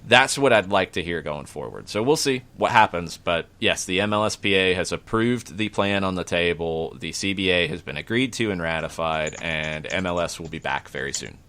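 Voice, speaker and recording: Deep-voiced man talking sports analysis. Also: animated, moderate pace, few pauses, bright, forceful tone. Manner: questioning, analytical. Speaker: podcast host. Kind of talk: casual sports talk.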